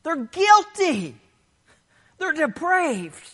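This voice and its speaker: A pastor preaching a sermon and reading scripture aloud, swinging from loud declarations to hushed, low passages. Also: expressive, a little slow, in a large hall. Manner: reads scripture aloud between points.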